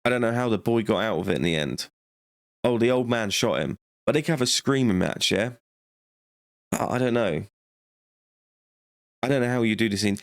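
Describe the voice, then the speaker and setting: Male reviewer, low and gravelly, loose rambling delivery with frequent laughs, dry close sound. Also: animated, moderate pace, long pauses, dry recording. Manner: rambling and jokey, laughs often, swears. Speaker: movie reviewer. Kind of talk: casual movie review.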